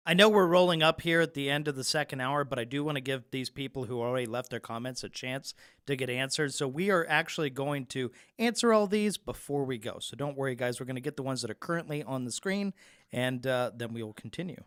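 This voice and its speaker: A man's voice: medium pitch, a bit bright, clear, resonant tone, no room sound, studio quality. A man hosting a live question-and-answer stream, steering the show and reassuring viewers their questions will be answered. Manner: quick, reassuring host keeping the show moving. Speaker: show host.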